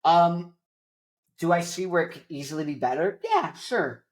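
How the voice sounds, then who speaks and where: Young man, host, casual rant, rambling, animated, lots of fillers. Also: on the high side, normal speed.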